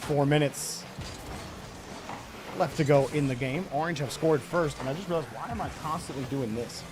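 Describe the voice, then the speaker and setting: A man's voice: fairly high pitch, normal speed, music in the background. A man casting a live video game match, chatting and giving play-by-play. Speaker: esports caster. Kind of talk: live game commentary and chat.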